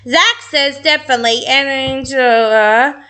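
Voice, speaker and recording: A woman's voice: high voice, measured pace, sharp tone, clear, resonant tone. A young woman reads a script aloud and reacts to it, gushing, tearful and laughing often. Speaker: fan reading and reacting to a script. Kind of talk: excited reaction vlog, reading a script aloud.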